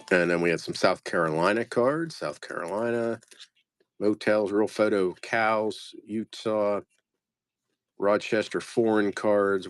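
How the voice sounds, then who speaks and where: With a voice on the low side and no echo, a male postcard reseller offers casual commentary while going through lots of postcards, muttering place names individually and trailing off.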